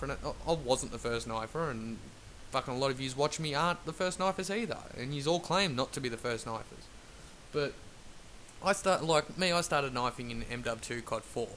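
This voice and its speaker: Male gamer, irritated rant over gameplay, foul-mouthed and rambling, mid-pitched voice, faint hiss and passing traffic behind. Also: bright, forceful tone. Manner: angry, profane, rambling. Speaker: gaming YouTuber. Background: faint traffic noise.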